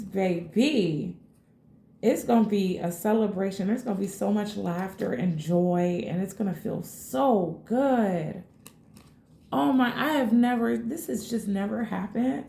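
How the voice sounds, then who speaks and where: Gravelly-voiced woman reading tarot, excitable. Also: fairly high pitch. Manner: excitable, swears freely, addresses viewers as y'all. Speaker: tarot reader. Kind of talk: casual tarot reading to camera. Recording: echoey room.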